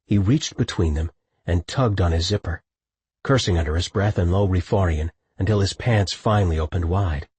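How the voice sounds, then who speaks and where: A man reading scripted audiobook narration with a husky voice, close to a studio mic. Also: low-pitched, moderate pace, a little mellow, no room sound.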